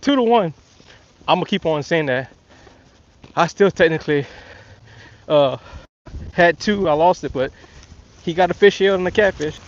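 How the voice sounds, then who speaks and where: A man's voice: fairly high pitch, lively intonation, moderate pace, pauses often, highs cut off. A man hosting a casual fishing livestream outdoors, with a laid-back, drawling way of talking. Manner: laid-back, drawling, shouts to his father. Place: outdoors by a lake bank.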